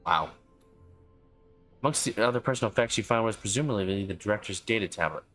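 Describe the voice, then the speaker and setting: Deep-voiced man narrating a game. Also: rapid-fire, a bit bright. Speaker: game streamer. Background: faint game music.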